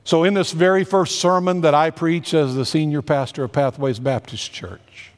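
A man with a slightly high voice preaches a sermon as senior pastor. He is earnest and emphatic and slows right down on the words he wants to land. A long reverb trails each phrase, as in a big hall. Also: fairly even intonation.

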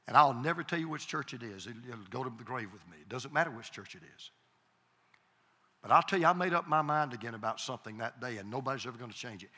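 A man preaching a sermon as pastor, telling a story with repeated starts and emphatic pauses. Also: medium pitch, animated, pushed and bright, slightly rough, long reverb tail.

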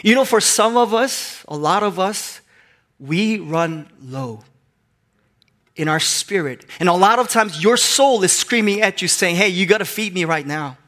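Preaching in a high, animated voice that is pushed, bright, and a little slow, this male pastor tells humorous stories. He plays with the anecdotes by putting on little character voices.

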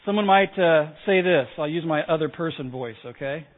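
A man's voice: fairly high pitch, moderate pace, few pauses. A male pastor preaching a sermon, emphatic, repeating key phrases and asking the congregation to respond. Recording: tinny phone-like sound.

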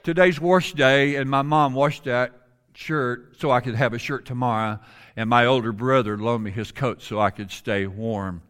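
A man's voice: medium pitch, fairly even intonation, moderate pace, fairly bright tone, clean tone, natural voice. A preacher voicing a pleading poor little boy. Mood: earnest. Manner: pleading, earnest. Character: poor frail ten-year-old boy, pleading.

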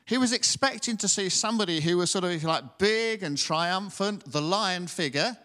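A man's voice: sits high, lively intonation, moderate pace, pushed and bright, big-room sound. A man preaching a sermon, reading scripture and then talking conversationally, often asking the congregation tag questions.

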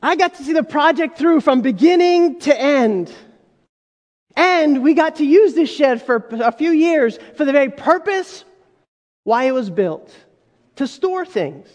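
A man's voice: extremely high pitch, animated, unhurried, darkish tone. A man preaching a sermon as pastor, talking conversationally and addressing the congregation with asides. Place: church sanctuary. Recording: long hall reverb.

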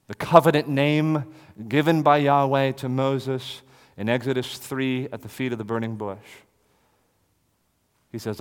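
A man preaching an expository sermon, swinging from loud declaration to hushed near-whisper. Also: medium pitch, fairly even intonation, unhurried, clean tone, long reverb tail.

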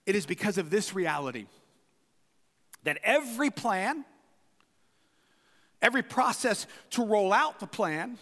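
A man's voice: high-pitched, sing-song, a little slow, pauses often, a bit bright. A man preaching a sermon as pastor, emphatic and repeating phrases for emphasis. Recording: long hall reverb.

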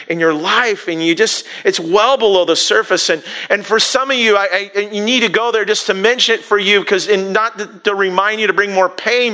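A man's voice: sits high, sharp tone, clean tone. A man preaching a sermon, talking conversationally and acting out little asides, with frequent restarts. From United States. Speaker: pastor.

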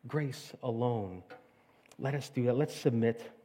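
Middle-aged pastor telling a story. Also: male voice, mid-range voice, unhurried, dark tone. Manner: storytelling, retelling a fairy tale with voices and asides. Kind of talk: sermon.

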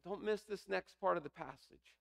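A man's voice: high-pitched, normal speed, gravelly. A man preaching a sermon, explaining a scripture passage with rising emphasis. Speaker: pastor.

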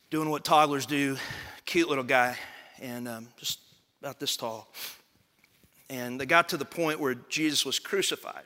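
A pastor in his forties preaching a sermon, emphatic and swelling into loud proclamation. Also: mid-range voice, in a large hall.

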